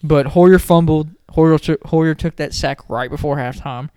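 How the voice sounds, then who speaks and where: A man co-hosting a sports podcast, skeptical and quick to laugh in casual banter. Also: on the high side, clean tone, dry recording, clean studio sound. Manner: skeptical, animated, laughs easily. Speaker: podcast co-host.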